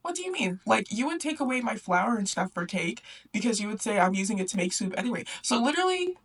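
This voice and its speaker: A woman's voice: medium pitch, big pitch swings, quick pace, breathy edge, recorded from a distance. A young woman hosting a book club, recapping a story in a chatty, sarcastic way, often laughing and acting out the characters. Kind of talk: casual book recap and commentary.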